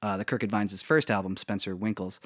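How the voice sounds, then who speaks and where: A man in his thirties hosting a podcast in casual chat, an animated storyteller who laughs often and acts out quotes. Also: lowish voice, normal speed, dry recording, clean studio sound. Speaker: podcast host.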